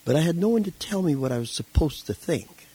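A man being interviewed who tells his life story in a casual, animated way and acts out the voices in it. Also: fairly high pitch, fairly quick, breathy edge, poor audio. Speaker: interview guest.

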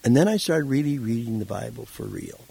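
A man tells his life story in a relaxed interview, with a gravelly, husky voice. He is animated and acts out the voices of the people in his story. His pitch sits in the middle. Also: fairly quick, faint music behind, low-quality recording. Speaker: interview guest. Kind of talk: casual storytelling.

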